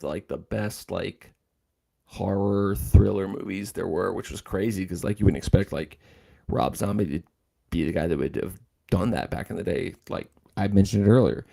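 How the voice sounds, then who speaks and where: Gravelly low-voiced man rambling. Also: warm tone. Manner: rambling, filler-heavy. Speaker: host. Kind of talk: casual livestream chat.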